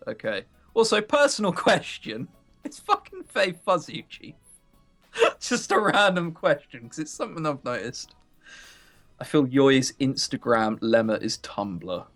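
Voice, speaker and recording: A man's voice: mid-range voice, very animated, unhurried, soft background music. Swearing, teasing man on a game stream. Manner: loud, swearing, laughing, teasing. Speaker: let's play streamer. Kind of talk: casual stream banter.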